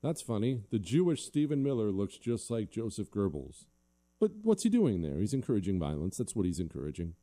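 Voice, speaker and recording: A man's voice: on the low side, big pitch swings, a little fast, warm tone. A male talk show host delivering a combative, sarcastic monologue and reading listener emails.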